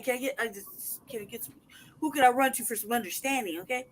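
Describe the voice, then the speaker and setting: A man's voice: very high-pitched, lively intonation, fast talker, slight background noise, rough recording. A man venting in an angry, profanity-heavy rant as a podcast host. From United States. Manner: angry, profane, loud outbursts. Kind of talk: heated casual rant.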